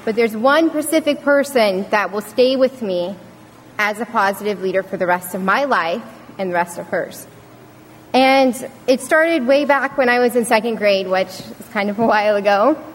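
A woman's voice: mid-range voice, normal speed, a little hiss or hum. A young woman giving an earnest prepared speech to an audience, telling a personal story. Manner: earnest, storytelling with acted quotes. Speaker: student speaker. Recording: reverberant hall.

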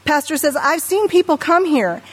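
Middle-aged woman, sermon, high voice, animated, long hall reverb. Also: moderate pace. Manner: animated, acts out quoted voices, asks the listeners questions. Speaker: preacher.

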